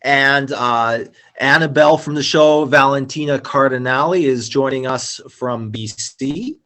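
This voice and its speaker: A man's voice: medium pitch, a little slow, bright, forceful tone. A man hosting a live-streamed reunion chat over a video call, upbeat and talkative, with many fillers and restarts. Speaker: host.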